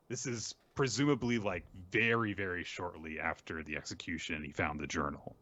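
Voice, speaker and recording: A man's voice: low voice, moderate pace, sharp tone, no room sound, lo-fi sound. A man hosting a podcast who casually recaps comic chapters and mimics the characters' lines as he retells scenes. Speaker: podcast host.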